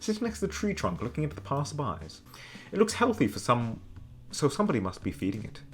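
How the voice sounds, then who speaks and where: A man's voice: mid-range voice, fast, soft background music. A young man streaming a story game, reading the narration aloud with playful drama and laughing at his own slips. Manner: animated, laughs through slips.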